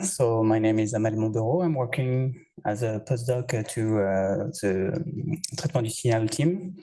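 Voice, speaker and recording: A French-accented man presents his research in English, a language he speaks as a second one. He pauses often, corrects himself mid-sentence and keeps lightening the talk with self-deprecating jokes. His voice sits at a middle pitch for a man. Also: mellow.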